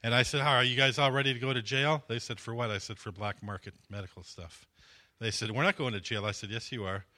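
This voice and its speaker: Bright-voiced man preaching a testimony. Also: medium pitch, fairly even intonation, fast. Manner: storytelling, acts out dialogue with voice swings. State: dry throat. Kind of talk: sermon testimony.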